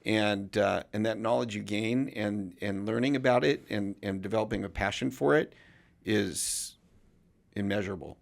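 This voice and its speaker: A man's voice: fairly low pitch, moderate pace, vocal fry. A man hosting a casual interview podcast, giving advice in long, reflective sentences. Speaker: podcast host.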